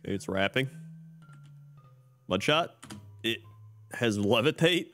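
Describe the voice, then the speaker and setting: Laid-back man with a low voice. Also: lively intonation, takes it slowly, fairly bright tone, soft background music. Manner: laid-back, wry, muttering reactions. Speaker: streamer. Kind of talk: live game commentary.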